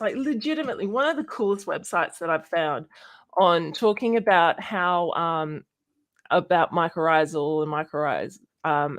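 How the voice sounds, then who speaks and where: A young woman with an Australian accent, chatting casually on a livestream about science and rambling with many fillers. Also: lowish voice. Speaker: streamer.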